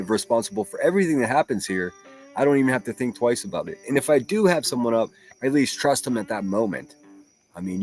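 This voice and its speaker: A man hosting a solo livestream, giving blunt, profane and mocking reaction commentary. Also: fairly low pitch.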